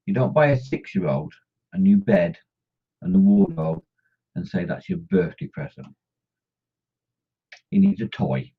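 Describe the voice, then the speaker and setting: A man's voice: low voice, sing-song, measured pace, long pauses, breathy edge. A middle-aged man hosting a model-painting live stream, joking and teasing viewers as he reads the chat. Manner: jokey and teasing, chatty banter with viewers. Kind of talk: casual live-stream chat, reading out comments. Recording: dull lo-fi stream audio.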